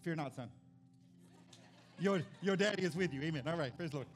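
A pastor, preaching and telling stories in an animated, excited way. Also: male voice, a little high, fairly quick, long pauses, soft background music. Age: 40s. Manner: animated storytelling, builds to excited shouts. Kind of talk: sermon.

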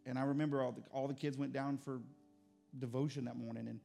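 A man's voice: medium pitch, little pitch movement, quick pace, creaky, mellow, soft background music. A middle-aged man, a pastor, preaching a sermon with earnest storytelling that rises to impassioned intensity.

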